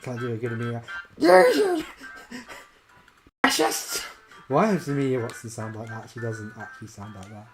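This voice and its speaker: A woman streaming a video game as a VTuber, chatting in a rambling way and breaking into sudden loud exclamations. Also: very deep voice, fairly even intonation, very fast, hardly any pauses, music in the background, poor audio. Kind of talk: casual live-stream chat while gaming.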